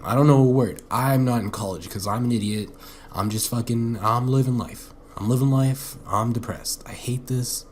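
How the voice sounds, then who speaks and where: A man's voice: on the low side, a little mellow, breathy edge. A young man hosting a solo podcast, rambling bluntly, swearing a lot and poking fun at himself. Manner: profane, blunt and self-mocking; rambling, with frequent restarts. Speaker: podcast host.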